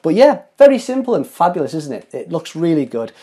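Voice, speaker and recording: A man's voice: fairly high pitch, sing-song, fairly quick, dark tone, slightly rough. A man hosting a fashion show, commenting on outfits in a gushing, playful, sing-song way.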